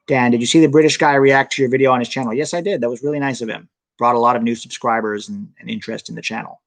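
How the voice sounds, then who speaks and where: A man's voice: mid-range voice, steady tone, fast, no echo. A young American man hosting a soccer channel live stream, chatting casually and answering viewer comments. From United States.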